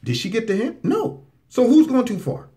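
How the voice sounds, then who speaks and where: A man hosting a political commentary show, talking back to played clips in a mocking, animated way. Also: normal speed. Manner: animated, mocking, swoops into high voices for impressions.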